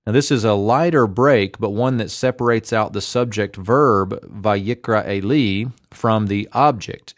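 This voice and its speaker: Man, deep-ish voice, methodical lesson explaining, dry recording. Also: no room sound. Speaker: Biblical Hebrew teacher.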